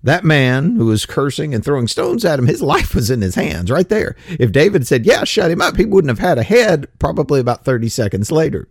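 A man's voice: medium pitch, very animated, fairly quick, few pauses, breathy edge, dry recording, clean studio sound. A man giving casual Bible commentary in a folksy, colloquial way with frequent restarts. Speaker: Bible teacher.

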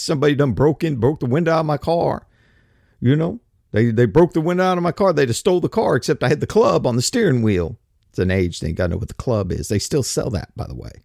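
A man's voice: on the high side, vocal fry, darkish tone, no room sound, clean studio sound. A man hosting a podcast, ranting in a casual, colloquial way full of slang. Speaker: podcast host.

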